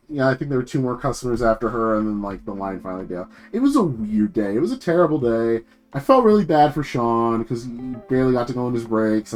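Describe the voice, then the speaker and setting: A young man streaming, telling a long, profane story about his work in casual slang and acting out what other people said. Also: medium pitch. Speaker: VTuber streamer.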